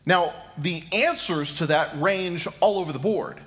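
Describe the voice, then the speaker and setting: A man's voice: a little high, a little slow, fairly bright tone. A middle-aged man preaching a sermon as pastor, repeating rhetorical questions and speaking straight to his listeners.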